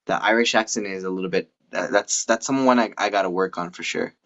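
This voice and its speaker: A man's voice: low-pitched, fast talker, a bit bright, highs cut off. A man speaking as a guest in a casual live chat, hesitant and full of fillers.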